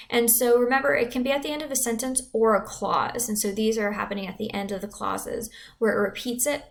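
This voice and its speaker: A woman's voice: on the high side, steady tone, a little fast, vocal fry, hardly any pauses. A young adult woman teacher explaining writing devices in a casual, conversational recorded lesson.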